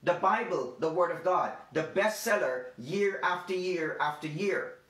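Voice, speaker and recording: Male pastor, high-pitched, emphatic repetitive delivery, off-mic in a roomy space. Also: expressive, a bit bright. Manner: emphatic, repetitive preaching with slow stressed phrases. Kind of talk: devotional sermon. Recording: roomy sound from a distant mic.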